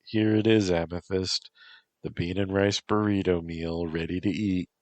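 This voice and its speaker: A man's voice: low-pitched, fairly even intonation, measured pace, dry recording. A man voicing a timid, whiny young man who pleads and complains. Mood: meek. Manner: whiny, meek.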